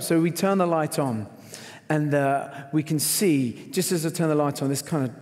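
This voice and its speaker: Animated man preaching in a big hall. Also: a little high, moderate pace. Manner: animated storyteller, acts out quotes with shouts. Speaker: conference speaker. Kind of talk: sermon with a told story. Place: large performing arts hall. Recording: long hall reverb.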